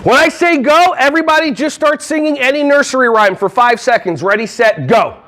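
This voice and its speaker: High-voiced playful man giving a keynote. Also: fairly quick. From New Jersey. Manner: playful and animated, breaking into silly voices and songs. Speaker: early childhood education trainer. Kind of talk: conference keynote talk. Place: large conference hall.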